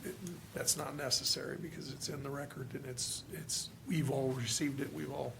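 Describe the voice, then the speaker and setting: A male county commissioner speaking at a public hearing, frustrated and halting, with many restarts. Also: medium pitch, little pitch movement, creaky, noisy background. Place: hearing room.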